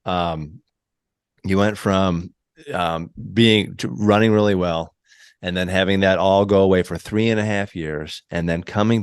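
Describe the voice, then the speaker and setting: A man's voice: low-pitched, clean tone, dry recording. A man hosting a podcast, talking casually and rambling a little as he searches for words. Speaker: podcast host. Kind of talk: casual interview chat. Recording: dry close sound.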